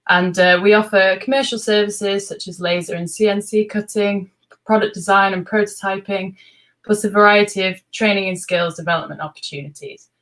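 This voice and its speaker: A woman hosts an online talk over a video call. She reads her introductions in a steady, measured, friendly way and hands over to her guests. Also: medium pitch, poor audio. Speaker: host.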